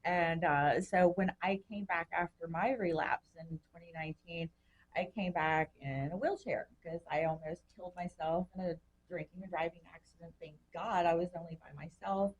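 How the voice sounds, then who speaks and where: A woman's voice: fairly low pitch, normal speed, lo-fi sound. Chatty woman telling her story, faint hiss. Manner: chatty, animated, acts out quoted voices. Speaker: guest in recovery. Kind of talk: personal storytelling.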